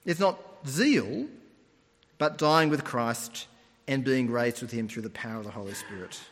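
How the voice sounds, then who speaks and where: Male preacher, animated sermon delivery, high and expressive, long reverb. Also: measured pace. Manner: animated storytelling, mimics voices.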